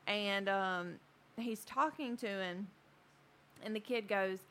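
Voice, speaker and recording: A woman who coaches jiu-jitsu, telling a story in a chatty, animated way with plenty of fillers. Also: mid-range voice, slow pace, pauses often. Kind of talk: casual storytelling.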